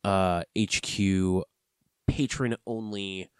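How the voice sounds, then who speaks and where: A man's voice: deep voice, fairly even intonation, drawn-out words, clear, resonant tone, dry recording, studio quality. A man co-hosting a podcast in casual chat, joking and rambling through plugs with fillers. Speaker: podcast co-host.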